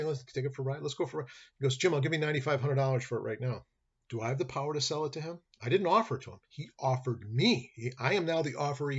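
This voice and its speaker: A law professor with a husky, medium-pitched voice gives a conversational classroom lecture, acting out little dialogues in his hypothetical examples. It was recorded on a computer webcam mic and sounds dull and lo-fi.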